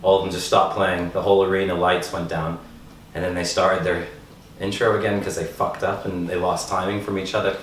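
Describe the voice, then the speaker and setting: A man's voice: low-pitched, brisk. A man in a band telling stories with lots of swearing in a casual interview. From Isle of Man. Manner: swearing, animated storyteller. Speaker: band member. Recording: echoey room, voice from mic distance, faint noise.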